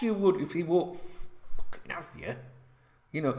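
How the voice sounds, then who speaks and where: A man's voice: medium pitch, wildly swooping pitch, moderate pace, a little mellow. Man, ranting football fan vlog, sweary, sarcastic, echoey room. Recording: roomy echo.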